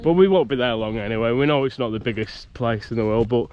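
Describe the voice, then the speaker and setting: Guy rambling on a walk outside, bit bunged up, mid pitch, faint countryside noise. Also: fast, a little mellow, dull audio. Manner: chatty, rambling, restarts and laughs. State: bunged up from a cold. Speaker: vlogger. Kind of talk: casual vlog, walking outdoors. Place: outdoors on a rural campsite by a loch.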